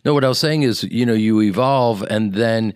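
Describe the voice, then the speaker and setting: A man from the American Midwest, an actor and comedian guest on a radio interview, telling animated stories and acting out the people in them. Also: lowish voice, normal speed, clear, resonant tone, no room sound, clean studio sound. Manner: animated storyteller who acts out quoted people. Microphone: studio microphone.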